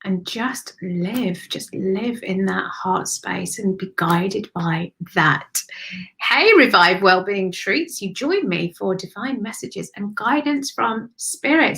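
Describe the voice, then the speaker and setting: A woman's voice: medium pitch, vocal fry, a bit bright. A woman hosting a live-streamed intuitive card reading, chatty and effusive, calling listeners honey and darling. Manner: chatty and effusive, thinking aloud. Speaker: spiritual card reader and host.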